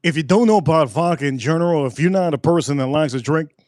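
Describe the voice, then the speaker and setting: A man hosting a casual live tasting review, excitable and repeating himself for emphasis. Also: fairly high pitch, quick pace, no echo, clean studio sound. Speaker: spirits reviewer host.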